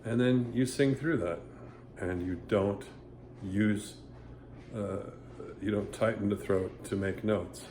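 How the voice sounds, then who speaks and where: Rambling through an informal singing lesson, a voice teacher pauses often to sing brief vowel examples. He speaks on the low side, steady, slow and darkish in tone, with slight background noise in an echoey room with faint ambience.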